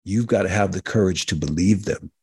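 A man with a very low, husky, fry-laden voice hosts a health talk radio show. He speaks in an emphatic, preacher-like cadence, repeating phrases for effect. His voice is recorded dry and close. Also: brisk, darkish tone, dry recording. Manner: addresses listeners directly as folks and healers.

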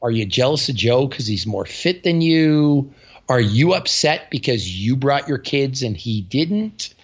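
A man's voice: mid-range voice, animated, a little slow, husky, muffled recording. A man co-hosting a podcast in casual chat, telling stories bluntly and animatedly, with some swearing. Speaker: podcast co-host.

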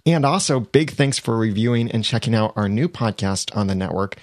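A man's voice: lowish voice, expressive, a little fast, no echo, studio quality. A man hosting a podcast, chatting casually about a TV episode and reading out show announcements. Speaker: podcast host.

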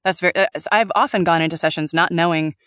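A woman voice actor talking casually in an interview, animated, laughing often and restarting her sentences. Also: on the low side, quick pace, dry recording, studio quality. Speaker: voice actor guest.

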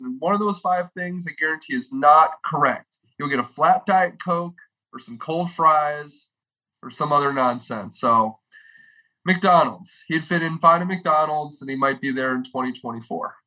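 A young man delivering a comedic podcast rant with animated, exaggerated delivery and swearing. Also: on the high side, normal speed, low-quality recording. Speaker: podcast regular with a comedic food segment.

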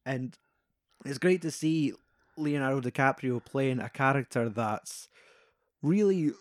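A man's voice: mid-range voice, a little slow, no room sound, clean studio sound. A young man, chatting casually and animatedly about a film, swearing freely. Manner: animated, sweary, acts out quoted lines.

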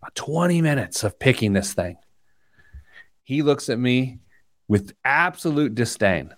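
Lively joking male show host. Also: medium pitch, measured pace, long pauses, no echo, studio quality. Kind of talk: casual radio show chat.

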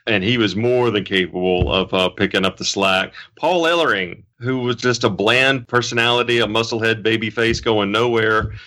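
A man co-hosts a podcast with a bright, pointed voice. He talks casually and rambles, with frequent restarts. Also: fairly low pitch, moderate pace, few pauses. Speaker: podcast co-host. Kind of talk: casual chat.

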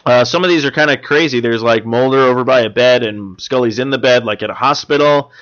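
A man's voice: medium pitch, fairly quick, a bit bright. A man co-hosting a podcast in casual chat, rambling, swearing and retelling movie scenes with jokes. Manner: profane, rambling, jokey retellings. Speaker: podcast co-host. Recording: dull lo-fi sound.

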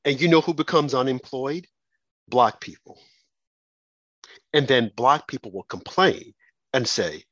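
A man hosting a talk radio show, delivering a fervent, emphatic, preacherly monologue in a husky voice. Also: medium pitch, lively intonation, a little slow, long pauses, a bit bright, dry recording, lo-fi sound.

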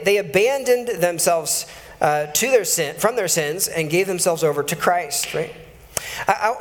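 A man's voice: sits high, in a large hall. A male pastor giving a conversational sermon and reading scripture aloud, often correcting himself and adding chuckling asides.

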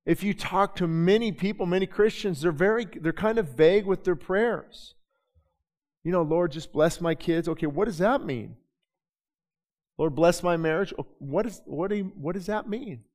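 A male pastor with a high-pitched voice preaches to his congregation at normal speed, starting conversationally and building into impassioned, urgent pleading. He swings between quiet and loud, repeating words and restarting sentences. The sermon takes place in a church sanctuary, and the recording carries the long reverb of a large hall.

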